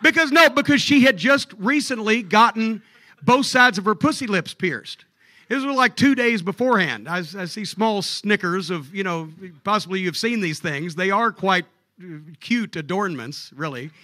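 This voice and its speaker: A man telling profane stories on stage at a live comedy club show, animated and jokey. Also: high voice, moderate pace, no echo.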